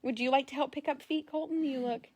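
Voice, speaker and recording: A woman horse trader chatting casually in a barn, jokey and animated, often swearing. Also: high-pitched, fast talker, no room sound, highs cut off. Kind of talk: casual chat.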